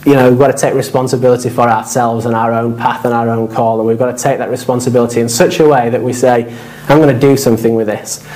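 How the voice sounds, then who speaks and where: A man preaches a sermon at a middle pitch. He talks earnestly and repeats his points, with casual asides to the congregation. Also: little pitch movement, fast, hardly any pauses, darkish tone, low-quality recording. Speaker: pastor.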